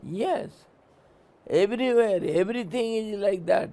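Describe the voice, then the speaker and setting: A man giving a spiritual discourse, telling a story slowly and laughing often. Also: high voice. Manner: laughs often, slow, animated. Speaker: spiritual teacher.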